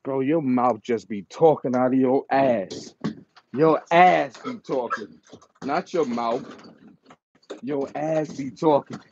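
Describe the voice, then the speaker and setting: A man delivers an angry rant straight to the camera, dragging his words out slowly and repeating the same taunts over and over. The recording is muffled and lo-fi, with a faint background hiss. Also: medium pitch. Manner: repetitive, insulting, slow and taunting. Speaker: dog breeder and channel owner. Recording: dull lo-fi sound with faint noise.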